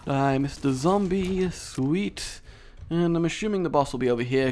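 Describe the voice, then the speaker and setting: A man's voice: normal speed, darkish tone. A man giving sarcastic, self-mocking commentary over a game he is playing. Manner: sarcastic and self-mocking, jumping into high squeaky bits. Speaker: gaming commentator. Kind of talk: let's-play commentary.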